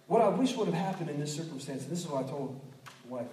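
A man's voice: fairly high pitch, fast, slight background noise. A man preaching a sermon as a pastor, telling stories with acted quotes and frequent restarts. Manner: storytelling with lively acted quotes and many restarts. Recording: echoey hall, distant mic.

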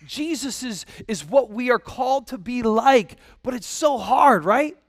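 A man delivers a church sermon in a lively, talky style, often tossing rhetorical questions to the room. His voice sits fairly high for a man. The sound is dry and close, with little room echo. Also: measured pace. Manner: animated, conversational preaching with rhetorical questions. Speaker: pastor. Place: church sanctuary.

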